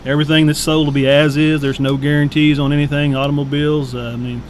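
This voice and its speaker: Man, monotone, plain informational radio talk, faint hiss. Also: a little high, fast talker. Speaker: city staff guest. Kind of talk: casual radio chat.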